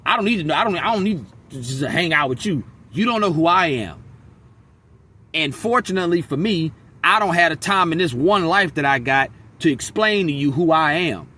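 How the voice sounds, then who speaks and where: A man's voice: sits high, sharp tone. A man venting bluntly and with profanity in a casual vlog monologue, telling stories from his work day. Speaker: vlogger. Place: outdoors in a wooded area near a freeway.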